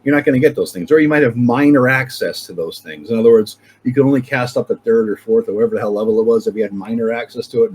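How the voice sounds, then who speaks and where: A man hosting his own channel, talking casually and swearing freely as he rants. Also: a little hiss or hum. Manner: profane, animated ranting with sudden pitch jumps. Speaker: channel host. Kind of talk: casual ranting chat.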